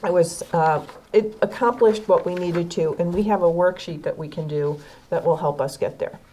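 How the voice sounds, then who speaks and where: Mellow-voiced woman tutoring English patiently. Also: fairly low pitch, moderate pace. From Illinois, USA. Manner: patient, encouraging, explains step by step. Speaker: adult literacy tutor. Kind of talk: one-on-one English lesson.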